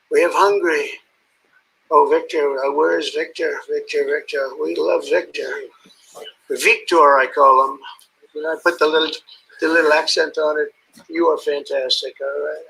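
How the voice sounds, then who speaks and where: Gravelly bright-voiced man rambling off the cuff. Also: on the high side, low-quality recording. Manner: rambling, ad-libbing, calling out guests by name; boastful, praising superlatives. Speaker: head of state addressing assembled leaders. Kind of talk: off-the-cuff ceremonial speech.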